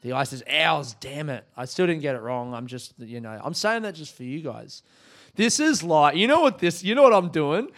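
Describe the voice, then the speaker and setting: A man's voice: on the high side, expressive, moderate pace, fairly bright tone. A man chatting casually on his own podcast, swearing freely and poking fun at himself. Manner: chatty, swears a lot, self-mocking. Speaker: podcast host. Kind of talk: casual solo podcast chat.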